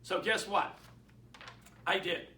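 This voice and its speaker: A man with a Boston accent gives an emphatic, story-driven motivational talk to realtors. His voice is very high and bright. He is recorded in an echoey room, away from the mic. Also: fairly even intonation, slow pace, distant mic. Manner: emphatic, storytelling, repeats key points. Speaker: real estate mentor and sales speaker.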